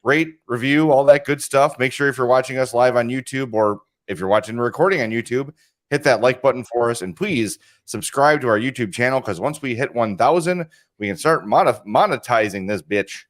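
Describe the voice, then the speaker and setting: Recorded in a studio with video cameras, a man co-hosts a podcast in casual chat. His mid-range voice moves fairly quickly as he rambles through stories.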